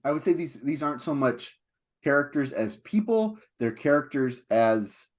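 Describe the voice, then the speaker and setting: Man, film podcast co-host, casual rambling chat, animated retellings, even middle pitch. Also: moderate pace.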